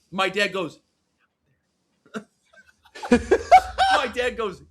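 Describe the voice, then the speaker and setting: A man co-hosting a sports-betting podcast, telling a story in an animated way and acting out the voices of the people in it. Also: sits high, very slow, slightly rough. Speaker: podcast co-host.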